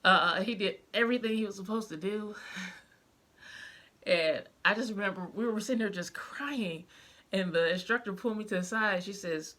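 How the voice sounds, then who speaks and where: In a casual vlog, a young mom opens up about her life as a mother, sounding heartfelt and leaning on many fillers. Her mid-range voice comes across pushed and bright at a moderate pace.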